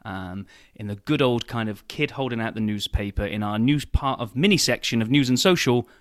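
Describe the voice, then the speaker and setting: A man's voice: medium pitch, lively intonation, brisk, no echo, studio quality. Chatty man hosting a podcast. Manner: upbeat, many fillers and restarts. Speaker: podcast host. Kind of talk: casual chat.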